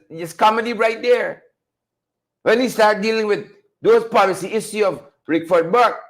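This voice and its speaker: Animated man hosting a live show. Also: high-pitched. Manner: animated, conversational, addresses viewers as folks. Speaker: host. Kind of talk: live-stream commentary show.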